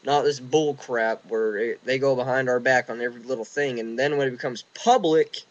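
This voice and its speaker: A man's voice: mid-range voice, normal speed, few pauses, poor audio. A young man ranting casually and indignantly, rambling with restarts, recorded outdoors in the wind. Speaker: vlogger. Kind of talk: casual rant.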